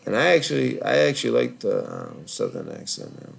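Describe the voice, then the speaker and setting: A man's voice: mid-range voice, wildly swooping pitch, brisk, creaky, breathy edge. A tired man with a Boston accent hosting a live call-in show, rambling casually with lots of filler words.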